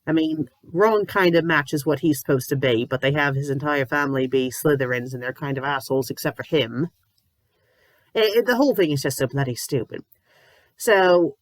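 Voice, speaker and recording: A woman with covid reviewing fanfiction in a comedic, exasperated rant, sometimes breaking into shouts. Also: low voice, no echo. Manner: exasperated, ranting, bursts into shouting; says "bloody" often. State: sick with covid, a little loopy.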